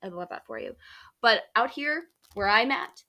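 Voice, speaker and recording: A woman's voice: a little high, expressive, moderate pace, dull audio. A young woman hosting a casual faith podcast, chatty and upbeat, saying "like" a lot. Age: young adult. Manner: chatty, heavy use of "like", upbeat. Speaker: podcast host.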